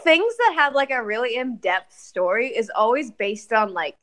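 A woman's voice: on the high side, expressive, normal speed, a bit bright. Giggly young woman co-hosting. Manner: giggly, rambling with many likes. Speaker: podcast co-host. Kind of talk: casual chat.

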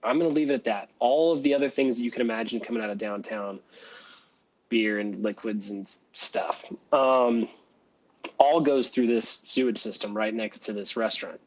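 Guest, male, husky, animated raconteur who laughs and acts out characters. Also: medium pitch, moderate pace, poor audio. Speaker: guest, former valet. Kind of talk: casual storytelling.

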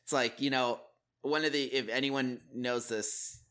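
Man, podcast co-host, bright forceful tone, easygoing, laughs a lot. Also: mid-range voice, fairly even intonation, a little slow, clean tone. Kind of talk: casual chat.

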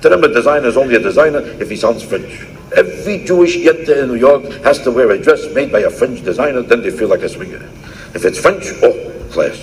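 A man's voice: mid-range voice, expressive, fast, slight background noise. A male comedian delivering an archival monologue with emphatic, mocking punch lines.

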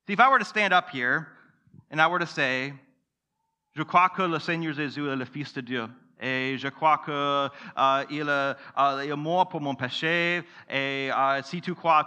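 In a church sanctuary, a pastor preaches to his congregation, telling a story and posing rhetorical questions. His voice sits on the high side with a sharp tone, and a long reverb tail follows his words.

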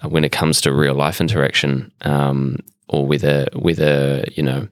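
A man hosts a relaxed podcast conversation in a very low voice. He rambles, repeats himself while searching for words, and swears casually. The recording is dry and close. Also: normal speed, no echo. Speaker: podcast host. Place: indoor room with a painting on the wall.

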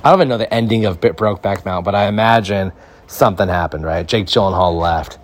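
With a deep voice and a quick pace, a podcast host from Mexico tells stories in a casual comedy chat. He rambles and jokes, keeping the storytelling animated.

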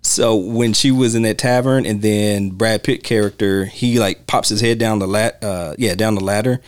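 A podcast host chats casually and easily about films, laughing often and groping for names. His voice is on the low side with fairly even intonation, a clean tone, and normal speed, in a dry recording.

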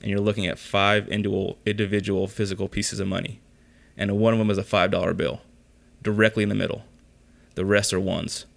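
A man's voice: fairly low pitch, flat delivery, a little fast, gravelly. A young man hosting a podcast, telling a story in a casual rant, exasperated and full of swearing. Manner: exasperated, profane ranting. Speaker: podcast host.

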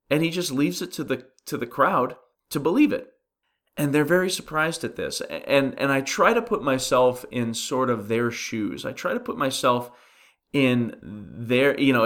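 A man's voice: medium pitch, fairly bright tone. Man preaching in a conversational way. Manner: earnest, asks the listeners rhetorical questions; frequent restarts while thinking aloud. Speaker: pastor. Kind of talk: conversational sermon on a Bible passage.

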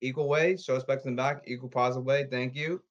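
Man, solo podcast rant, repetitive and halting, slightly muffled lo-fi sound. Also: mid-range voice, fairly even intonation. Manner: repetitive, pleading, halting delivery. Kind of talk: rambling solo monologue. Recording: slightly dull lo-fi audio.

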